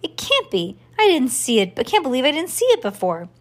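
A woman's voice: sits high, huge pitch swings, a little fast, voice pushed up, full character voice. A woman reading a storybook aloud, voicing a nerdy know-it-all young schoolboy who talks eagerly and lectures.

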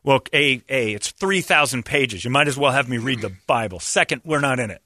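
Animated, rambling male radio host. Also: mid-range voice, a little fast, no echo, clean studio sound. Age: middle-aged. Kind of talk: morning radio banter.

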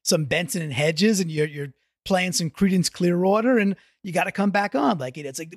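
A high-pitched man co-hosts a casual football podcast, jumping between jokes and excitement and tripping over his own words. The sound is close and dry, with no room around it. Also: fairly quick, no room sound. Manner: excitable, jokey, many restarts. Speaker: podcast co-host. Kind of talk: casual sports podcast chat.

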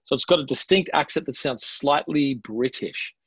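A man's voice: mid-range voice, normal speed, fairly bright tone, slightly rough, no echo. A man with an Adelaide Australian accent, a pastor talking earnestly and casually in a podcast interview. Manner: earnest, reflective, casual with slang.

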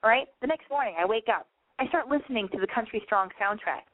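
A woman's voice: a little high, fast talker, no room sound. Young woman host rambling and swearing, lots of "like", sounds like an old phone line. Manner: chatty, swears a lot, many likes. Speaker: call-in show host. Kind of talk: casual chat, profane and rambling. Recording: dry tinny phone-like sound.

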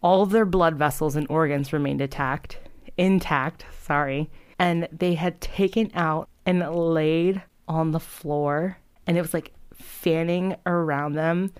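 Young woman, low-pitched, dry close sound, chatty horror storyteller. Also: fairly even intonation, a little slow, clean tone, dry recording. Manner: chatty, heavy use of "like", reacts with disgust. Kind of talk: casual retelling of a horror story.

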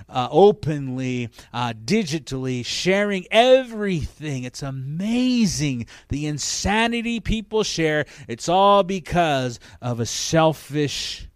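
A middle-aged man preaching a sermon as pastor, with emphatic, repetitive, drawn-out phrasing. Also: fairly high pitch, clean tone, no echo, clean studio sound.

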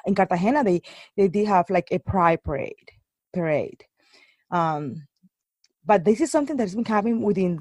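A woman's voice: mid-range voice, no echo. Chatty woman with dry close sound. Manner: animated storytelling, many fillers and restarts. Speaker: guest. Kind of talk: casual chat.

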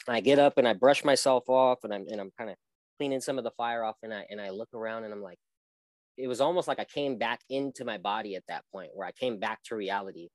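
Low-voiced man telling his story earnestly. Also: no room sound, rough recording. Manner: rambling, earnest storytelling with frequent restarts. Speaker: interview guest. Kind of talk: personal testimony in a casual interview.

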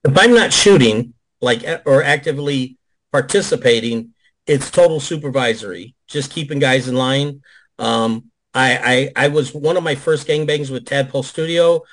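A man, a guest on a video call show, telling stories in a lively, profane way and acting out what people said. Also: medium pitch, normal speed, low-quality recording. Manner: animated, profane, acts out quotes. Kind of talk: casual storytelling on a video call.

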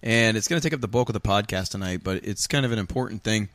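A man's voice: lowish voice, quick pace, fairly bright tone, dry recording. A man co-hosting a podcast, talking loosely in casual chat with many fillers. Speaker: podcast co-host.

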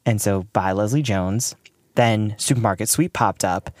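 A man's voice: lowish voice, measured pace, a little mellow, dry recording, studio quality. A man co-hosting a podcast in casual chat, rambling and laughing often. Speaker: podcast co-host.

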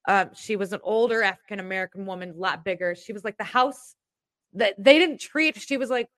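A woman telling a rambling, animated story in casual chat as a podcast co-host. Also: medium pitch, a little fast, dry recording, clean studio sound.

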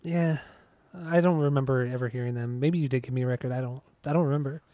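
A man's voice: medium pitch, fast, dark tone, no echo. A man hosting a podcast in an easygoing way, laughing along and steering the conversation back on track. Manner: easygoing, keeps the talk moving. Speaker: podcast host. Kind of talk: casual chat.

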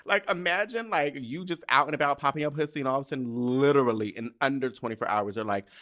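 A man hosting a podcast in casual chat, animated and sassy, swearing freely and laughing often. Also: mid-range voice, fast, hardly any pauses. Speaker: podcast host.

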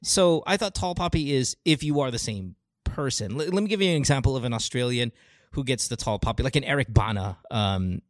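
Animated Filipino male talk host, dry sound. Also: mid-range voice, brisk, dry recording. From Philippines. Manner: animated, talks through examples with frequent restarts and laughs. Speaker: radio show host. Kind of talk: casual chat with callers.

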